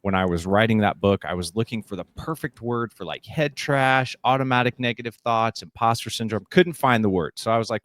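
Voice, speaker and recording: A man's voice: mid-range voice, expressive, a little fast, few pauses, fairly bright tone, no room sound, studio quality. A middle-aged man who is a guest on a podcast interview. He tells stories with energy and acts out the voices he quotes. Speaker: guest, keynote speaker and leadership coach.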